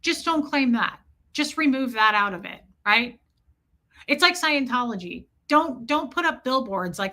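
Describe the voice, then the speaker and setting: Woman, livestream host, casual, blunt, profane, bright tone, slightly high. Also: animated, measured pace.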